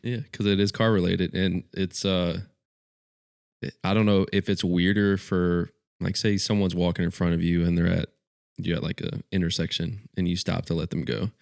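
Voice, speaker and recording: A man's voice: sits low, level tone, normal speed, gravelly, darkish tone, smooth, no room sound, clean studio sound. A man co-hosting a podcast, chatting casually and telling rambling stories with quoted voices. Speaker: podcast co-host. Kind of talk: casual chat.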